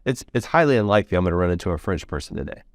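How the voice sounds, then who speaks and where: American male podcast host, lowish voice, eager rambling chat; dry close mic. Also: expressive, rapid-fire, no room sound. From United States. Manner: enthusiastic, rambling, filler-heavy. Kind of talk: casual interview chat.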